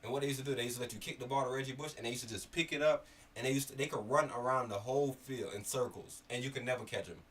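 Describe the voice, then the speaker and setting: A man from Miami telling stories in casual chat, animated and swearing, getting loud when worked up. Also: medium pitch, very fast. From Miami area. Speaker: podcast co-host. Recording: slightly distant mic, faint background noise.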